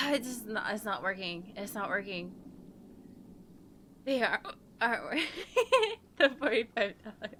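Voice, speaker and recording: A woman's voice: medium pitch, sing-song, slow, long pauses, pushed and bright, a little hiss or hum. A tipsy woman streamer chatting casually while playing a game, hiccuping, giggling and swearing often. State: tipsy from drinks. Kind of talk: casual gaming stream chat.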